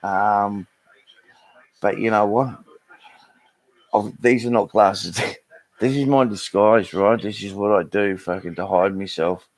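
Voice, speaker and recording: A man's voice: fairly low pitch, fairly even intonation, slow, pauses often, no echo, low-quality recording. Sweary Australian man ranting casually. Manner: sweary, rambling, full of restarts. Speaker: live streamer. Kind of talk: rambling casual rant to a live audience.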